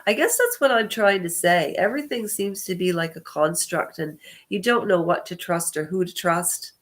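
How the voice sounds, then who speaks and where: A woman's voice: lowish voice, moderate pace, a bit bright. A congested woman talking to camera on her own vlog, meandering and hesitant and often correcting herself mid-sentence. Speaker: channel host. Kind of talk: rambling personal vlog talk.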